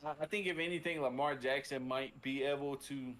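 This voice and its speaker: A man's voice: medium pitch, fairly even intonation, fairly quick, a bit bright. A man co-hosting a sports podcast, talking casually with many restarts and fillers, sometimes swearing. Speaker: podcast co-host.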